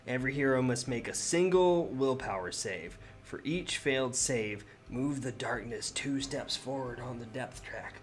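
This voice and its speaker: A man's voice: medium pitch, a little slow, few pauses. A man casually playing a solo tabletop game, reading out cards and reacting aloud to his dice rolls. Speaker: solo game player and host.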